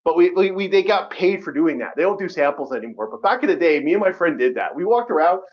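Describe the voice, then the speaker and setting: A man's voice: high-pitched, animated, fast. A man hosting a podcast in casual chat, rambling and profane, laughing often. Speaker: podcast host. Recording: lo-fi muffled audio.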